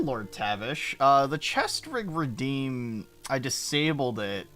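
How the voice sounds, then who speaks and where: A man's voice: mid-range voice, a bit bright. A man streaming from his room on a desk mic, chatting in a rambling, self-interrupting way and swearing often. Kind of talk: casual live-stream chat. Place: home room. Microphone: desk mic with noise gate.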